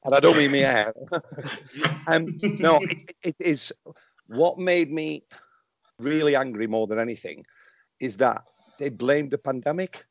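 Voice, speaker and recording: A man on a podcast call, sounding worked up and passionate and tripping over his words now and then. His voice is mid-pitched and comes through a dry line with no room sound. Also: measured pace, gravelly, pauses often, no room sound. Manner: passionate and riled up, many restarts. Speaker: podcast guest, football fan. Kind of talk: casual podcast discussion.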